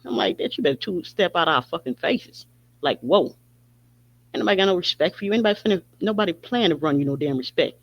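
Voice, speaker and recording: A man's voice: high-pitched, expressive, quick pace. Heated ranting man, dull lo-fi sound. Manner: heated, profane, repetitive ranting. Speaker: podcast host. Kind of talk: opinion monologue. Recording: dull lo-fi recording.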